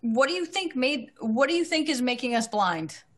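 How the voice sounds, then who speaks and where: A woman chatting casually as a player in a tabletop game, quick and joking. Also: high voice, very animated.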